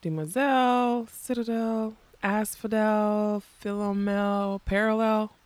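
A woman's voice: mid-range voice, steady tone, moderate pace, darkish tone, smooth, no echo, lightly acted. A woman voicing a distracted young prince who murmurs over rhymes while writing poetry. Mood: musing.

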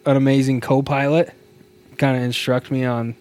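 A man's voice: mid-range voice, level tone, moderate pace, a little mellow. A man co-hosting a podcast in casual chat, upbeat and chatty, often laughing as he talks. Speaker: podcast co-host.

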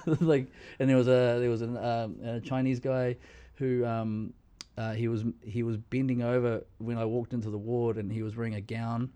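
A man's voice: mid-range voice, little pitch movement, normal speed, mellow, smooth. A New man co-hosting a podcast, telling stories in a rambling, casual way with lots of fillers and laughs. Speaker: podcast co-host. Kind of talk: casual chat.

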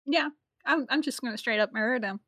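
A woman's voice: on the high side, fairly quick, bright, forceful tone, no echo, clean studio sound. A woman playing a tabletop role-playing game for the first time, unsure and apologetic as she asks about the rules. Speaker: new player. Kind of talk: casual tabletop gaming chat.

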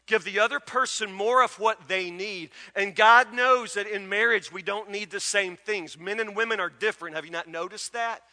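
A man's voice: high-pitched, normal speed, few pauses, bright, forceful tone. A man, preaching a sermon with folksy stories and emphatic repetition. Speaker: pastor. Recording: long reverb of a large hall.

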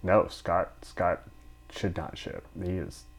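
A man hosting a casual chat, chiming in with short remarks and getting lively when he retells a story. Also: low-pitched, slow, vocal fry. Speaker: podcast host.

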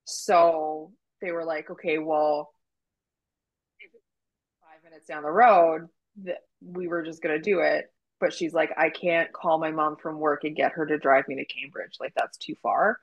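A woman with a slightly low voice recounts a story in casual podcast chat. She acts out the quoted lines as she goes and keeps a relaxed, conversational pace. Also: measured pace, lo-fi sound. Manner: animated retelling with quoted dialogue and laughs. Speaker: doula telling her story.

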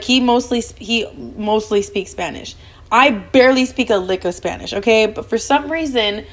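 A young woman hosting a podcast, telling a personal story in casual, fast, animated chatter full of swearing. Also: a little high. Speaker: podcast host.

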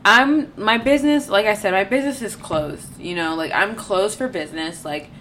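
A woman's voice: medium pitch, moderate pace, a bit bright, a little hiss or hum. A young woman co-hosting a podcast while tipsy, chatting casually in a rambling way with lots of fillers and laughter. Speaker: podcast co-host. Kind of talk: casual chat.

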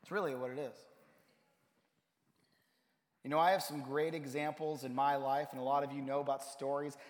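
A pastor preaching a sermon in a church, telling a personal story and building to emphatic points. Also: male voice, mid-range voice, fairly even intonation, normal speed. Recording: long hall reverb.

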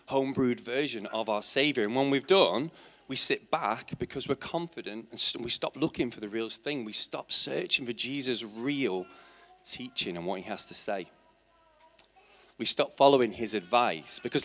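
A man's voice: mid-range voice, a bit bright. A man preaching a sermon in church, asking his congregation rhetorical questions and building to emphatic, passionate points. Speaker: teacher.

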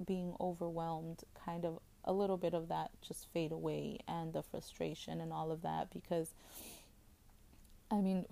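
A woman's voice: fairly low pitch, gravelly, dark tone. A woman in her thirties hosting a podcast, talking in a rambling, casual way with many fillers and restarts, openly emotional. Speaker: podcast host. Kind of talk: casual chat.

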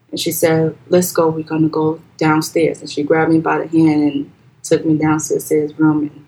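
A young woman with a Liberian accent tells her own story as a podcast guest. Her voice sits low and her telling is soft and hesitant, full of pauses and restarts. When she quotes others, she lifts her voice high and loud. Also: completely flat delivery, slight background noise, low-quality recording. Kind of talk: personal storytelling in a podcast interview.

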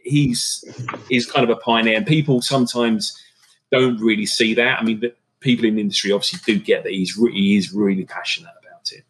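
A man's voice: fairly low pitch, fairly quick, a little hiss or hum, low-quality recording. A middle-aged man, a catering business owner, chatting casually in an interview with lots of fillers and restarts. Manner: relaxed, rambling, many fillers and restarts.

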